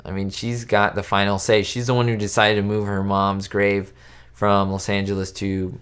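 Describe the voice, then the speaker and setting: A man with a fairly low voice chats casually on a live stream and answers viewers' questions as they come in. He rambles and keeps restarting his sentences. His talk is loose, with lots of "like" and "you know". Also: completely flat delivery, normal speed, fairly bright tone, clear, resonant tone. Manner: chatty, rambling, many fillers and restarts. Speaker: YouTube host answering live chat. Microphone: webcam setup at home.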